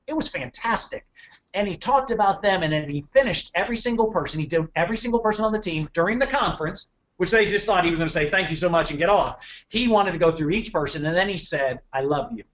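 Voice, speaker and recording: A middle-aged man giving a motivational business talk to an audience, animated, often repeating words and checking in with the room. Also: fairly high pitch, quick pace. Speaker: keynote speaker.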